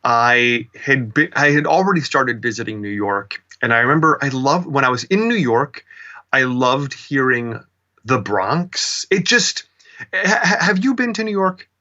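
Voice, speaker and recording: A man's voice: mid-range voice, a little slow, dull audio. A man in his forties with a Midwestern accent, telling stories as an interview guest in a chatty, self-mocking way. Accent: Midwestern American. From American Midwest. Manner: chatty, animated, self-mocking with many fillers. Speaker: interview guest, drag performer. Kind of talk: casual storytelling interview.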